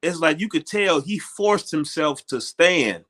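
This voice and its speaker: A man's voice: fairly high pitch, lively intonation, measured pace, fairly bright tone. A man co-hosting a casual talk show, speaking emphatically and addressing the listeners directly.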